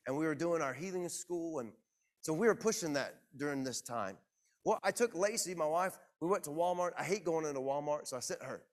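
Man, pastor, preaching in church, lively self-mocking storyteller, fairly high voice. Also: fairly quick. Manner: animated, self-deprecating storyteller. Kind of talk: sermon storytelling.

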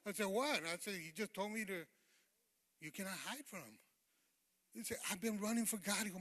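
Lay preacher, male, high bright voice, fervent and informal testimony, amen-calling, church hall reverb. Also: fairly quick. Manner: fervent, calls out amen to the congregation; informal, rambling, with many fillers. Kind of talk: sermon testimony. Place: church sanctuary.

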